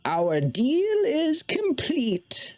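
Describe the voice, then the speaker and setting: A man voicing an old female hag in a tabletop game, speaking slowly and portentously. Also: extremely high pitch, wildly swooping pitch, darkish tone, soft background music, pitched above the performer's own voice, exaggerated voice. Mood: cryptic. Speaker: dungeon master.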